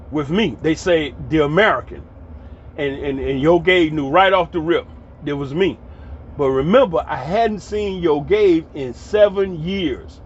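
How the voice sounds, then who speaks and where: Man in his fifties, folksy and rambling storyteller, slightly high voice, muffled recording. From Atlanta, Georgia, US. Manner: folksy, rambling, repeats words when he restarts. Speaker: storyteller vlogger. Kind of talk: casual storytelling monologue. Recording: dull lo-fi audio with faint background noise.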